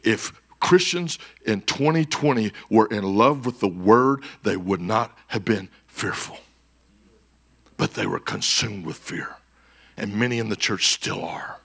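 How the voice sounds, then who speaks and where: A man preaching a conference sermon as pastor, swinging between shouted peaks and hushed, quiet passages. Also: fairly low pitch, a little slow, vocal fry. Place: church conference stage.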